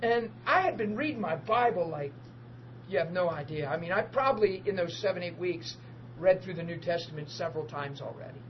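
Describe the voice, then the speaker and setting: An earnest male minister tells his faith testimony with plenty of emotion, in a voice that sits high for a man. The recording is dull and muffled. A steady background hiss runs under his voice. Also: a little fast.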